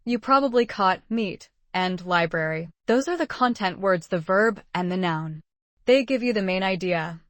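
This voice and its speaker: Woman in a clear, dry English lesson. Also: mid-range voice, no echo. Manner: clear, measured teaching delivery. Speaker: English teacher. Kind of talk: scripted lesson narration.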